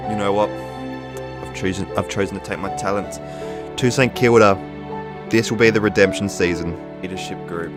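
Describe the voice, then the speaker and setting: A young man calls his football video game in a lowish voice, swearing freely and shouting when frustrated. Game music plays clearly under him. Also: steady tone, moderate pace. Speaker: gaming YouTuber. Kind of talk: excited game commentary.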